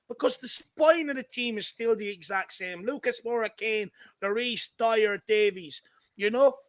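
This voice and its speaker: High-voiced man, blunt and frustrated. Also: dry recording. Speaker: co-host of a fan watchalong. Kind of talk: fan debate.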